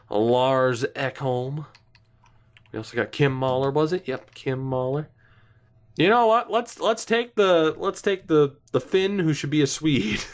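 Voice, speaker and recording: A young man giving casual, indecisive gameplay commentary, talking to himself and swearing now and then. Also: mid-range voice. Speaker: gaming YouTuber.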